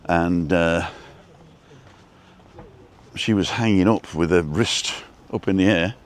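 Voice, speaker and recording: A man live-streaming as he walks outdoors by the coast, chatty and rambling, a little out of breath from walking briskly. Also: low-pitched. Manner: chatty, rambling, greets viewers by name. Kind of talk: casual walk-and-talk live stream.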